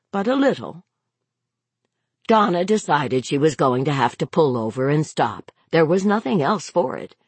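A woman with a low, husky voice narrates a novel, her pitch moving widely as she dramatizes the story. The recording is dry and close, with no room sound at all. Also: no room sound. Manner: dramatic, varied delivery. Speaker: audiobook narrator.

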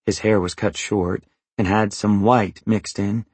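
A man reading a first-person novel aloud, even and understated in his delivery. His voice is low and slightly husky, caught close on a dry mic with no room sound at all. It stays matter-of-fact throughout. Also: a little slow, dry recording. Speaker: audiobook narrator. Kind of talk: first-person literary narration.

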